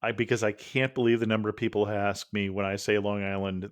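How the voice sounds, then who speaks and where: A man's voice: fairly low pitch, level tone, fast talker, few pauses. Friendly male travel podcast host. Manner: friendly, curious, laughs easily.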